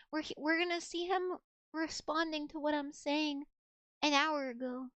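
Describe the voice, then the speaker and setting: A young woman with a very high voice chats on a live stream from home, close on a desk mic. She coos fondly at her cat and rambles with little restarts. The sound is dry and close, with no room echo. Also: brisk, fairly bright tone, highs cut off. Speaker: VTuber streamer. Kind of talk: casual live-stream chat.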